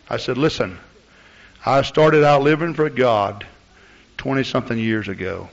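In a dull lo-fi recording, a man preaches as pastor, speaking plainly with the congregation and rising into loud, fervent exclamations. His voice is mid-range and creaky, at normal speed.

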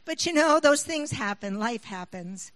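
A woman's voice: a little high, lively intonation, measured pace, fairly bright tone, dry recording, low-quality recording. A middle-aged woman preaching a sermon. She moves between scripture reading and personal stories, rising with emphasis when she appeals to her listeners.

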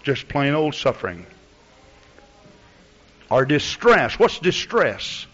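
Slow but very animated, with a fairly high voice, a pastor preaches a sermon that moves from plain, conversational talk with the congregation to loud, fervent outbursts. The recording is dull and lo-fi.

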